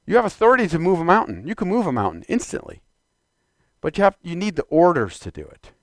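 A man with a high-pitched, wildly swooping voice preaches a sermon, shifting from quiet, measured teaching to loud, exclaimed calls to the congregation. There's no echo in the recording.

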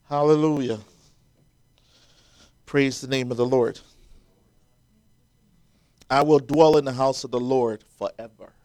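A man's voice: mid-range voice, steady tone, slow, pauses often, a little mellow. A man preaching a sermon, quoting scripture and building to emphatic, rising peaks as the congregation answers.

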